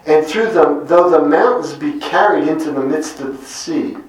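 A middle-aged man preaching a Bible teaching sermon, deliberate and lingering on single emphatic words. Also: a little high. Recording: very echoey room, mic at a distance.

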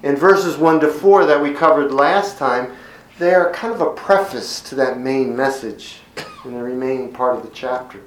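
A man preaching an expository sermon as pastor, teaching in a measured, earnest way and driving points home by repeating them. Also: medium pitch, reverberant, low-quality recording.

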